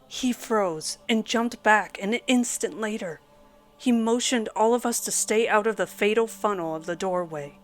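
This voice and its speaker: A woman reading a scripted horror story aloud as its narrator, in a steady storytelling delivery. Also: mid-range voice, measured pace, soft background music.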